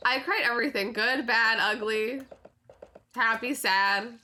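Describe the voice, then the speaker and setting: A woman's voice: fairly high pitch, slow pace, sharp tone. A young woman streaming a farming game, chatting in an emotional, gushing way full of "like"s. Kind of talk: casual game-stream chat.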